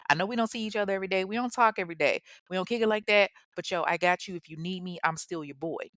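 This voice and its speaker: A woman's voice: mid-range voice, very fast, fairly bright tone, no echo, studio quality, lightly acted. A woman voicing a loyal male best friend who reassures in street slang. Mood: reassuring.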